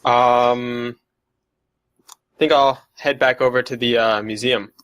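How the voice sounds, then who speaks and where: A man plays a tabletop game with friends, answering in a dry, deadpan way. His pitch sits in an ordinary middle range. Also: slow pace, clean tone. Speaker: player. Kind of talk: casual tabletop game chat.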